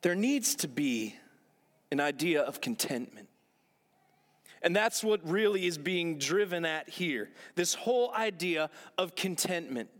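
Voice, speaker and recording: A man's voice: fairly high pitch, animated, measured pace, a bit bright. A man preaching a sermon as a pastor, earnest, repeating phrases for emphasis and asking rhetorical questions. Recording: long echoing hall reverb.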